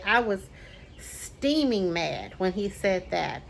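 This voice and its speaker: A woman's voice: mid-range voice, big pitch swings, slow pace, creaky, slight background noise. Emphatic woman telling a personal story. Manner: emphatic, repeats phrases for effect. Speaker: vlogger.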